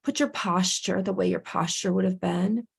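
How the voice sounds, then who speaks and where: A woman's voice: on the low side, moderate pace, vocal fry, slightly rough. A woman coach leading a participant through a guided breathing and grounding exercise on a video call, soothing and encouraging.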